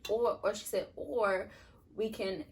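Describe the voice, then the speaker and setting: A woman's voice: medium pitch, fairly even intonation, slow. A young woman telling a personal story in a casual, rambling way, full of fillers. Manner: chatty, rambling with many "like" and "um" fillers. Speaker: vlogger. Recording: voice a bit distant from the mic.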